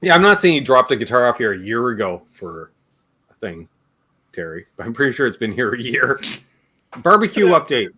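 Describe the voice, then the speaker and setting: A man's voice: mid-range voice, big pitch swings, normal speed, pushed and bright, breathy edge. A man in his forties from Canada, hosting a live guitar Q&A stream in casual, jokey chat. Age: 40s. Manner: rambling and jokey, laughs between remarks.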